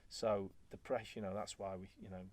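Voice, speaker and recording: A former footballer as a guest, telling stories in relaxed chat and acting out what was said. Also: male voice, deep voice, moderate pace. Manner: animated, acts out quoted remarks. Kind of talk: conversational storytelling.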